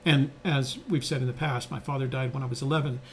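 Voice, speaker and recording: An older podcast co-host speaks at a quick pace in a steady, mid-range voice while telling reflective, conversational stories. Fillers and restarts are frequent, and slight background noise is audible.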